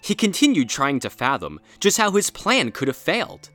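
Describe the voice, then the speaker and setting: A man narrating a rhyming Halloween story in a playful, expressive storybook style. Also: a little high, normal speed, soft background music.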